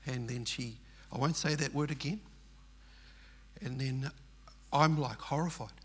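A man's voice: mid-range voice, measured pace, a bit bright, breathy edge. An older man with an Australian accent, telling a personal story in an earnest, rambling, emphatic way. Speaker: churchgoer telling his story.

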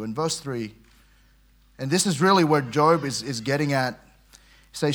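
Bright-voiced preacher man. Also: medium pitch, expressive, moderate pace, pauses often. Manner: conversational preaching with frequent repetitions and quoted scripture. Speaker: pastor. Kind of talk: sermon.

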